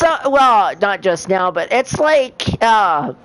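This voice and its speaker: A woman hosting a live game stream, often stammering and getting excited as she plays. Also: medium pitch, takes it slowly, dry recording, poor audio. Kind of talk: live-stream commentary while gaming. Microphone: desk mic, close.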